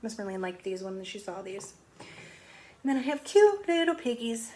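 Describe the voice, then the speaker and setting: Gentle woman teaching young children. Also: fairly high pitch, expressive. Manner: gentle, slow counting, sing-song encouraging tone. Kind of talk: remote lesson for young children.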